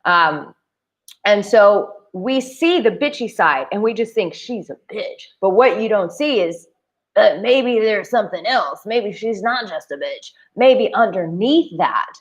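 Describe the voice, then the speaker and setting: A woman's voice: mid-range voice, lively intonation, unhurried. A woman dating coach giving casual, emphatic advice to camera, full of "like" fillers. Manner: chatty, emphatic, with many "like" fillers. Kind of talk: casual talking-head advice. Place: Bali.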